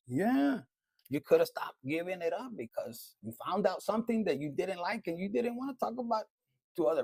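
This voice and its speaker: A man's voice: high voice, husky, no echo. A man giving a casual tarot reading, talking bluntly and with lots of swearing. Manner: blunt, profane, chatty. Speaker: tarot reader.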